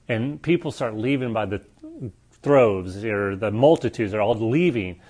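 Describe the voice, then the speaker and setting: Male preacher, mid-range voice, earnest conversational sermon with quiet reflective turns. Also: medium pitch. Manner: earnest, shifts between lively storytelling and quiet reflection.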